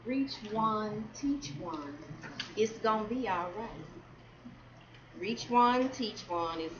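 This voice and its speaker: In a community event hall, a woman with a slightly high voice recites poetry at a slow pace, rhythmically engaging the crowd in call-and-response. The sound is lo-fi, with noise in the background.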